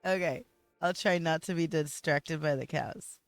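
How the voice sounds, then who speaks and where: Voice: medium pitch, fairly even intonation, normal speed, no room sound, faint music behind. A streamer giving casual gameplay commentary, gushing and playful.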